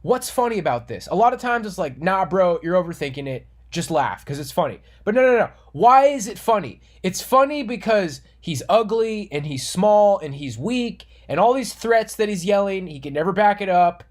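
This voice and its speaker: A man's voice: high voice, big pitch swings, normal speed, hardly any pauses. A man delivering an earnest, moralizing monologue as an online commentator. He repeats himself and restarts words as he talks. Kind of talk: monologue rant.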